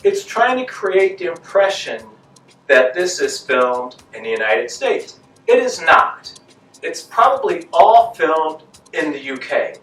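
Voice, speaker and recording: A man's voice: on the high side, very animated, slow pace, fairly bright tone, recorded from a distance. A man giving a casual spoken film review, talking conversationally, asking rhetorical questions and repeating his points for emphasis. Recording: echoey room, voice off-mic, faint music.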